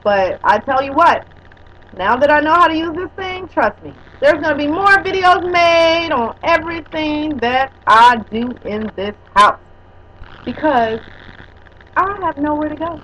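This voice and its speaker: A woman's voice: high-pitched, a bit bright, a little hiss or hum, low-quality recording. A woman in her forties chatting casually to viewers on a webcam at home, rambling and teasing. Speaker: vlogger. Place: at home indoors.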